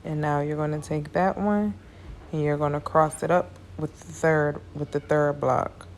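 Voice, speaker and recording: In a relaxed, chatty hair tutorial, a woman who braids hair speaks in a low, gravelly voice, calling her viewers "y'all." She's tired and yawning, keeping a flat, even tone at an unhurried pace. Faint background noise sits beneath her voice.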